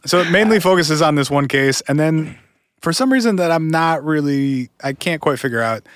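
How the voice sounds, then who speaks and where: A man on a podcast retelling a missing-person case in a measured, casual way, with occasional laughs. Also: on the high side, fairly bright tone, dry recording, clean studio sound. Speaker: podcast co-host telling the stories.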